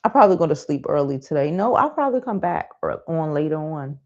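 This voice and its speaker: Speaking quickly and very animatedly, this livestream host has a low, slightly mellow voice. She's in her thirties and vents in blunt, profane, casual talk, heard through a streaming mic with dull lo-fi sound.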